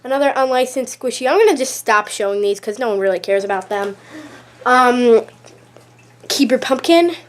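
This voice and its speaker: A high, bright-pitched woman talks through a casual show-and-tell vlog. She is chatty and gushing, leaning on "like" and repeating "really, really." She films on a handheld camera that shakes at times. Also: animated, normal speed, slight background noise. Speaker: YouTube vlogger showing her collection. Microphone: handheld camera, shaking at times.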